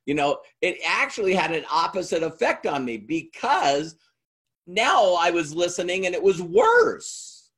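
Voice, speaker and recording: Brief: middle-aged man, motivational speaker, slow deliberate delivery, fairly high voice. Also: sing-song, fairly bright tone, breathy edge. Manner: emphatic, repeats lines, quizzes audience. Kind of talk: motivational stage talk.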